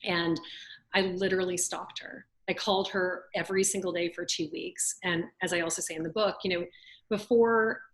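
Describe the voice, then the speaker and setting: Southern US woman guest, 40s, lower voice, animated storyteller with frequent laughs. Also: moderate pace, poor audio. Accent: Southern US (Louisiana). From Louisiana, USA. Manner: lively, laughs often, acts out quotes. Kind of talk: storytelling in an interview. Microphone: video call.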